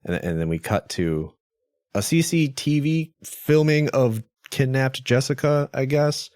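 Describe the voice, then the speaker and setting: A man's voice: mid-range voice, unhurried, a little mellow, dry recording. A man hosting a game podcast, talking casually with wry, self-deprecating asides. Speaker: podcast host. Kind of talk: casual commentary.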